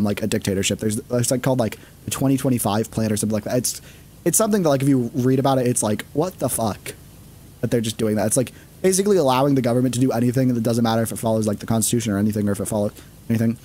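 A man's voice: mid-range voice, rapid-fire, dark tone, a little hiss or hum. A man streaming a game, chatting casually and rambling with plenty of fillers. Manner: rambling, lots of fillers and laughs. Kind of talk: casual chat.

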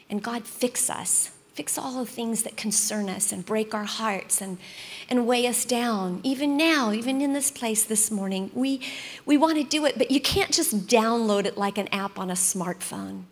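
A woman in her fifties giving an earnest, encouraging Bible study talk, telling stories to a live audience in a church hall. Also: medium pitch. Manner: warm storytelling, earnest and encouraging. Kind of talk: sermon-style teaching talk. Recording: long hall reverb.

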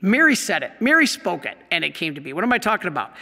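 A man, a Catholic priest, teaching his audience from slides in an animated way, with many rhetorical questions. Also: sits high, fast talker, vocal fry. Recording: long hall reverb.

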